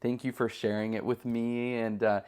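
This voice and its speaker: A man's voice: medium pitch, flat delivery, moderate pace, darkish tone, smooth. A man hosting a podcast interview, encouraging his guest and openly emotional about her story. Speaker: podcast host. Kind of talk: casual interview conversation.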